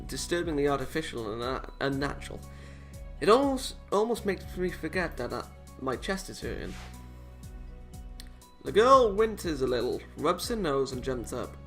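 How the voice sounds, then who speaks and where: A man casually reading a visual novel aloud, cutting in with sarcastic, self-mocking jokes. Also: on the high side. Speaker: let's play host reading a visual novel. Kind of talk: casual read-aloud with joking asides.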